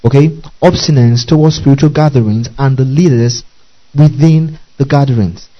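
A man preaching a sermon as a pastor, reading scripture slowly and deliberately and checking in with the congregation again and again. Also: medium pitch. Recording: dull lo-fi recording.

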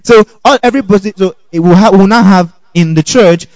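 Guy preaching, pretty high voice, keeps going "okay? are you here?", dry close sound. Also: a little fast, dry recording, low-quality recording. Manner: animated, keeps asking the congregation "okay?"; chuckles between points. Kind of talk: sermon.

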